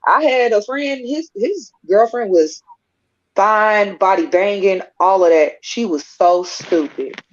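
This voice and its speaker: A woman's voice: medium pitch, dull audio. A woman in a casual group podcast who tells stories and laughs easily. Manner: storytelling, quick laughs.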